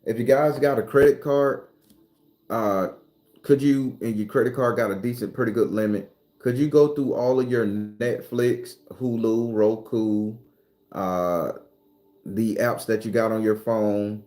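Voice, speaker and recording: A man hosting a casual livestream, talking loosely, cursing freely and answering viewer comments, sometimes breaking into loud, high ranting. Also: measured pace. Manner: swings into loud, high-pitched ranting at times. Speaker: livestream host.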